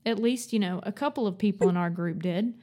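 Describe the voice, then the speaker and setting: A woman in her 20s co-hosts a casual, rambling book podcast, her mellow, medium-pitched voice chatty and quick to laugh. She laughs often as the book-club chat wanders along.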